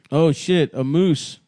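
A man's voice: on the high side, creaky, mellow, dry recording, studio quality. A man who is a stand-up comedian and podcast host, talking in casual, crude and profane banter and teasing his co-hosts.

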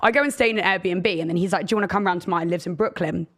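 A woman's voice: on the low side, rapid-fire. A young woman, a guest in casual chat, telling candid stories with lots of laughter. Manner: candid, animated storytelling with laughs.

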